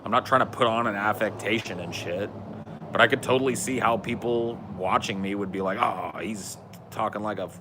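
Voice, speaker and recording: A man's voice: on the low side, brisk, background noise. A man in his thirties with a Californian accent, chatting casually on a podcast in a laid-back stoner drawl and swearing freely. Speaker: podcast host. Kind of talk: casual chat.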